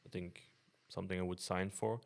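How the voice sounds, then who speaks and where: A man from Belgium with a low voice hosts a casual podcast. He tells stories in fits and starts, repeating words, with a dry joking edge. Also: flat delivery, brisk, vocal fry. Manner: storytelling, stammering restarts, dry humor. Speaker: podcast host.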